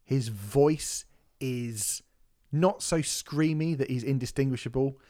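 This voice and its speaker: A man's voice: medium pitch, takes it slowly, mellow. A man co-hosting a casual music review chat. He is enthusiastic and sweary, and he trails off and restarts often. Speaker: podcast co-host reviewing an album.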